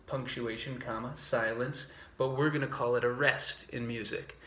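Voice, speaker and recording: A man's voice: medium pitch, pushed and bright, echoey room. A man teaching a music class to young children, patient and simple, chanting rhythm syllables as he explains.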